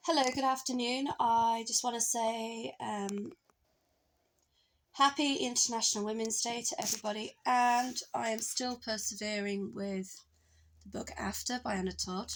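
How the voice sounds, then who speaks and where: A woman's voice: fairly high pitch, steady tone, normal speed, slight background noise, rough recording. A woman talking casually about a novel she is reading, drifting into stories from her own life. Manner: chatty, wandering into personal stories. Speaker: book vlogger. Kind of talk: casual book review chat.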